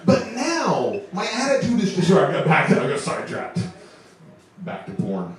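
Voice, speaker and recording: A man's voice: fairly high pitch, wildly swooping pitch, normal speed. A man in his twenties performing a stand-up comedy set on a club stage, chuckling through his own jokes. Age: 20s. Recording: echoey club, distant mic, audience.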